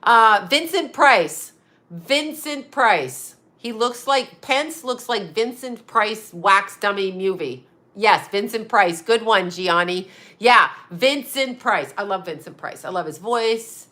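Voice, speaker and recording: Casual livestream host, woman, bright tense voice, blunt and rambling, answers chat as she goes. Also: medium pitch, expressive, takes it slowly. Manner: rambling, blunt, swearing, laughing often. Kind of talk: casual live chat reading viewer comments.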